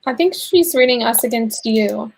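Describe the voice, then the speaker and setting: A woman's voice: on the high side, lively intonation, normal speed, creaky. A young woman hosting a livestream, chatting casually, reading out viewer comments and laughing often. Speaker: livestream host.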